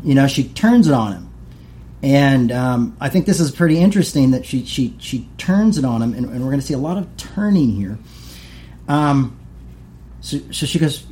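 A man's voice: on the high side, lively intonation, moderate pace, a little mellow. A man preaching a casual, conversational sermon as pastor, acting out the voices of the people he quotes.

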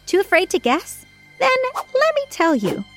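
A woman with a very high, exaggerated voice tells a story over background music, playing a sweet young girlfriend who has a sinister side. She speaks unhurriedly in a lilting, playful way, her pitch swinging hugely.

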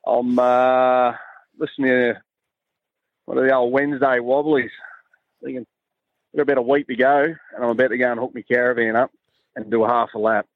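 A man's voice: medium pitch, flat delivery, normal speed, long pauses, no echo, narrow, tinny audio. An Australian man leaving a brash, swearing voice message full of boasts. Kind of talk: crude voice-message banter.

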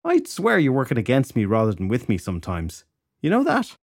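A man's voice: medium pitch, huge pitch swings, fairly quick, creaky, full character voice. A man voicing a ruthless, scheming warrior queen with a cold, accusing way of speaking.

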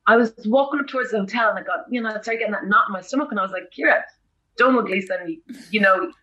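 A woman with an Irish accent, an entertainment interviewer telling rambling, animated stories in casual chat. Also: medium pitch, racing, dull audio. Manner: animated, rambling storytelling with fillers. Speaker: podcast guest, entertainment interviewer.

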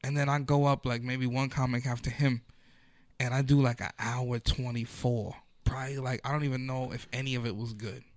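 A man's voice: medium pitch, level tone, brisk, dry recording. A man, a comedian, telling stories in a loose, profane, slang-filled manner during a casual podcast chat.

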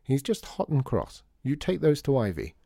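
A man voicing a calm, practical woman cook who speaks briskly and matter-of-factly. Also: mid-range voice, vocal fry, no room sound, clean studio sound, pitched above the performer's own voice, exaggerated voice. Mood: soothing.

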